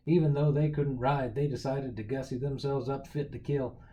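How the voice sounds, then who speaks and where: A man reading a picture book aloud as a storyteller, with lively, expressive storytelling. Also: mid-range voice, normal speed, lo-fi sound, slight background noise.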